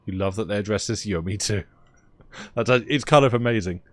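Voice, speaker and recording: A man's voice: on the low side, moderate pace, no room sound. A man streaming a game, chatting casually with viewers and reading in-game documents aloud in a playful way.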